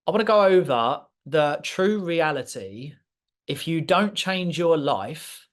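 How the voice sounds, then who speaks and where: A man giving a motivational masterclass talk to a live audience, direct, emphatic and passionate, speaking clearly and with authority. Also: fairly high pitch. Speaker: guest speaker.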